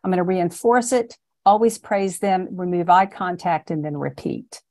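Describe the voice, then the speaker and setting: A middle-aged woman dog trainer narrating a training lesson in a calm, step-by-step way. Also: lowish voice, normal speed. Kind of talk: voice-over narration of training slides.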